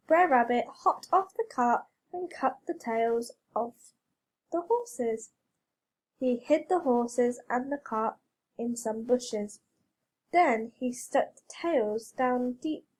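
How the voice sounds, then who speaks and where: A woman reading a children's story aloud, slow, clear and expressive. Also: fairly high pitch. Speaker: reader.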